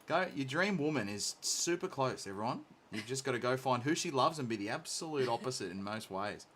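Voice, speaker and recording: A man's voice: medium pitch, lively intonation, a little fast, a bit bright, a little hiss or hum. A man hosting a live painting stream, joking and teasing in casual chat. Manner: playful, teasing, self-mocking. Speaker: stream host painting miniatures. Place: hobby shop office.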